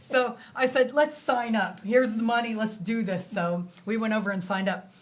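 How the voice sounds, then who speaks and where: A woman's voice: fairly high pitch, normal speed. A woman guest on a talk show telling a personal story in casual chat, acting out the voices of the people in it. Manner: animated, acts out quoted dialogue.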